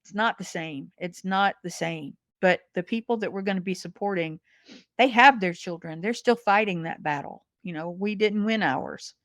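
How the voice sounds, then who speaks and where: A woman's voice: medium pitch, moderate pace, a bit bright, no echo, studio quality. A woman speaking as a podcast guest, earnest and emotional, often repeating words. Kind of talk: heartfelt interview conversation.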